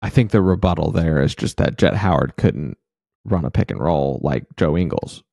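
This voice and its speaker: A man's voice: rumbling low, normal speed, vocal fry, dry recording, clean studio sound. A man co-hosting a casual sports podcast who breaks down rotations and pushes back on critics. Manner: analytical, steady, annoyed at critics. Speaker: podcast co-host.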